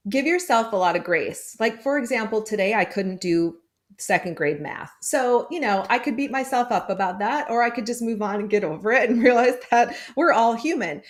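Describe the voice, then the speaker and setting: A woman's voice: a little high, lively intonation, moderate pace. A woman sales coach speaking as a podcast guest, encouraging and laughing easily. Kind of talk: podcast interview.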